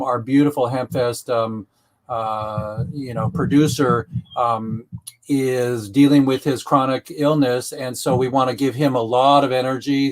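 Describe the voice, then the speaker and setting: Halting male talk show host. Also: medium pitch. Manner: halting, many ums and restarts. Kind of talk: casual online talk show.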